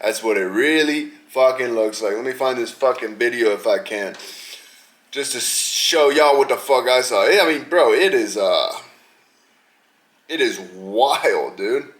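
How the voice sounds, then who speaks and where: A man hosts a podcast and delivers a heated, profane rant. His voice is sharp and bright, and he stays mocking and fired up throughout. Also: medium pitch, lively intonation, unhurried. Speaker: podcast host. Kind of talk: angry rant.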